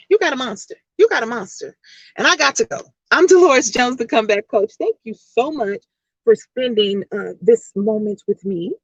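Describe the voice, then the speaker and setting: A woman's voice: mid-range voice, gravelly, slightly rough, no echo, highs cut off. A woman life coach giving a motivational vlog talk, emphatic, with a repetitive, preaching cadence.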